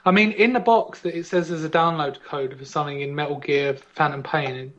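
A man's voice: on the high side, steady tone, brisk, fairly bright tone, muffled recording. A man co-hosting a podcast, rambling and joking in casual chat. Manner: rambling, digressive and jokey. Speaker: podcast co-host.

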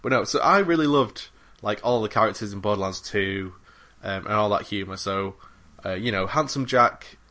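A gaming podcast co-host with a fairly low, sharp-toned voice speaks at normal speed with hardly any pauses. His enthusiastic, rambling banter is casual and peppered with fillers and profanity.

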